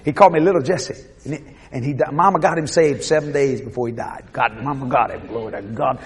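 A Cajun man preaching, telling a story animatedly, shouting out the voices he quotes and laughing often. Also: medium pitch, quick pace, slightly rough. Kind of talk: sermon storytelling.

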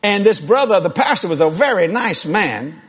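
A man preaching a sermon, shouting and boasting with animated laughs. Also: high-pitched, moderate pace, breathy edge.

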